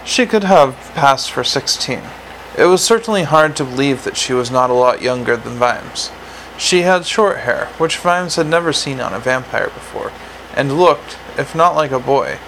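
Wry, gravelly male audiobook narrator. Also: medium pitch, moderate pace, fairly bright tone, slight background noise, low-quality recording. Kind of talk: scripted narration.

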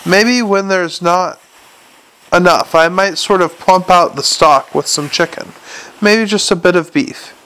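A man reading aloud voices an indignant, blustering male dwarf restaurateur who defends his cooking loudly. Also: high voice, measured pace, smooth.

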